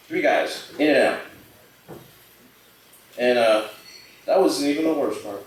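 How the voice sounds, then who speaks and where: On a small bar stage, a man with a mid-range voice works through a rambling, self-deprecating open-mic stand-up set at a measured pace, slipping into quoted voices. A distant mic picks up roomy bar audio with slight background noise.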